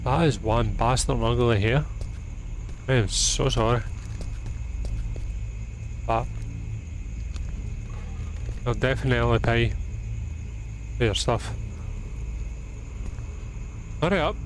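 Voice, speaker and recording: A man's voice: mid-range voice, fairly even intonation, takes it slowly, pauses often, slight background noise. A young man giving profane, exasperated commentary while playing a video game. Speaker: gaming channel host. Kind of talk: let's play commentary.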